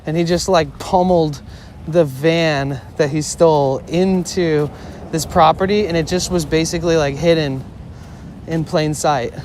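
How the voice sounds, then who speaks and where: A man's voice: fairly high pitch, fairly even intonation, a little slow, a little mellow. A young man streaming live, telling a story in a rambling, casual way, full of "like" fillers, swearing and short laughs. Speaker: IRL streamer. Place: outdoors in a city. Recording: outdoor street noise.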